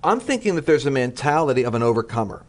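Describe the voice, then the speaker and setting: A man from the Northeastern US, a guest speaker on a talk show, telling energetic stories and acting out the people he quotes. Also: mid-range voice, fast talker. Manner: energetic storyteller, acts out quotes, frequent restarts. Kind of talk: animated conversational teaching.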